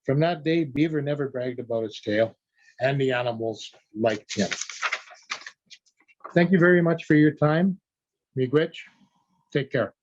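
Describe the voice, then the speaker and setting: A man giving a talk on traditional teachings and telling a story, in a slow, measured way. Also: medium pitch. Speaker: conference speaker. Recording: dull lo-fi audio.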